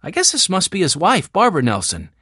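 Storybook older brother, steady and calm, voiced by a woman reader, dry read. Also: lowish voice, fairly quick, husky, dry recording, voice pushed up, exaggerated voice. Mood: reasoning. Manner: calm, reasoning tone.

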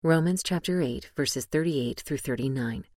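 A woman with a low voice reads an audiobook in a calm, measured way. The sound is dry and close, with no room around her. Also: dry recording. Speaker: audiobook narrator. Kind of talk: scripted audiobook narration. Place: studio booth.

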